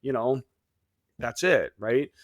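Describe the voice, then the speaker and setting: A man in his thirties, a podcast guest telling stories casually and animatedly, jumping into high voices for quoted people. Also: lively intonation, slow, no room sound, studio quality. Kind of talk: casual storytelling.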